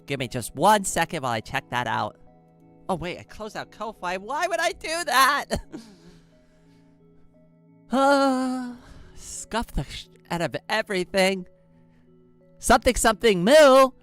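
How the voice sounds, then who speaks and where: A woman's voice: medium pitch, sing-song, measured pace, long pauses, a bit bright, soft background music. A woman streamer chatting casually with her viewers, giggly and playful, often laughing at herself. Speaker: live streamer.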